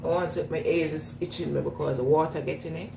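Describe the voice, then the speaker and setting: A woman's voice: low voice, steady tone, quick pace, recorded from a distance, noisy background. A woman with a noticeable accent, chatting casually with her viewers and answering their comments while washing her hair. She laughs often and repeats herself as she replies. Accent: non-standard English accent. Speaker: vlogger reading live chat. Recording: echoey room with clear background ambience.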